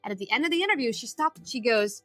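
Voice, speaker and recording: A middle-aged woman with a bright, forceful voice tells her story as a podcast guest, pitched a little high. She talks emphatically and acts out the people she quotes. The sound is dry and close, with faint music underneath. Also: lively intonation, rapid-fire, dry recording. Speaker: guest, addiction recovery coach.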